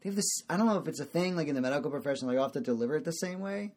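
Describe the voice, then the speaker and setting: A young man co-hosting a podcast, chatting casually and joking, with quick bits of put-on voices for punchlines. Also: fairly high pitch, expressive, a little mellow. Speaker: podcast co-host. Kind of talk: casual chat.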